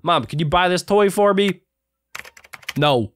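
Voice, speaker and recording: A young man doing an excited video reaction commentary, yelping, laughing and reading lines aloud in passing. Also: high voice, measured pace, very noisy. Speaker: gaming reaction host.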